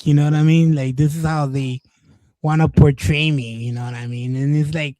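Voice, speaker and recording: A man's voice: a little high, fairly even intonation, normal speed, warm tone, no echo, poor audio. Rambling foul-mouthed man, dry close voice. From East Los Angeles. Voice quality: profane, rambling, many restarts. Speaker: streamer. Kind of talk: casual storytelling chat.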